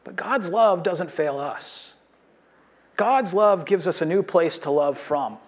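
A pastor delivering a sermon to his congregation. His voice sits a little high for a man, and he preaches earnestly, driving points home with short repeated calls. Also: expressive, takes it slowly. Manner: earnest, exhorting, with repeated short phrases and soft laughs.

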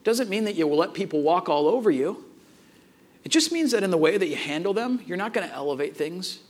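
Man, pastor, sermon, high voice, animated storytelling, acts out the dialogue. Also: fairly quick.

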